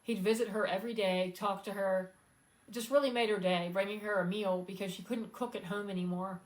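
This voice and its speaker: A woman speaks on her own live stream in a loose, conversational way. She is heartfelt and close to tears, often stopping on fillers to steady herself and find her words. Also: medium pitch, poor audio. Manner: heartfelt, halting, many fillers, fighting back tears. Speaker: singer-songwriter hosting a live stream. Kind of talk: casual live-stream talk.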